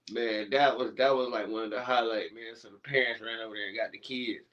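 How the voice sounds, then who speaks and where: A man telling stories in casual podcast chat, animated and laughing, acting out what he and others said. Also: mid-range voice, a little fast, hardly any pauses. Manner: animated, laughing storyteller, acts out his own quotes. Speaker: guest.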